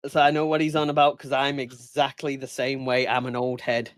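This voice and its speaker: A man's voice: medium pitch, level tone, fairly quick, no room sound, studio quality. A man in his thirties in casual podcast chat, heated and ranting, swearing freely. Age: 30s. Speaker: podcast guest.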